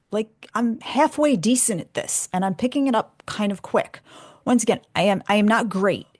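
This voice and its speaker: A woman author, a guest on a radio show, telling a personal story casually and acting out the dialogue as she goes. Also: medium pitch. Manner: animated, acts out dialogue. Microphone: studio microphone.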